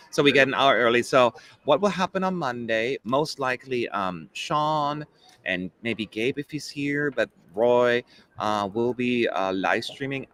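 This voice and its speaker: A man's voice: medium pitch, fairly bright tone, slight background noise. Chatty man hosting a live stream. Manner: chatty, quick asides and jokes. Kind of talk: casual chat.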